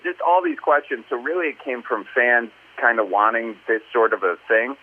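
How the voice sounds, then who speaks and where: A man's voice: medium pitch, moderate pace, hardly any pauses. Man on a tinny phone line. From American Midwest. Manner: loose, filler-heavy, restarts often. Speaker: comedian guest. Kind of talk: casual interview chat.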